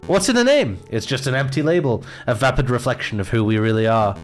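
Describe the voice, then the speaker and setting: A man's voice: mid-range voice, animated, fast, soft background music, lightly acted. A man reading a visual novel aloud and voicing a theatrical, gallant male prisoner with a grandiose, storytelling manner.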